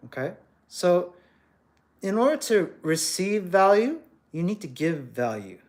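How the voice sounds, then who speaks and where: A man's voice: high voice, sing-song, unhurried, darkish tone. A man talking to his livestream audience in a casual, opinionated, lecturing monologue, full of rhetorical questions. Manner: acts out quoted voices.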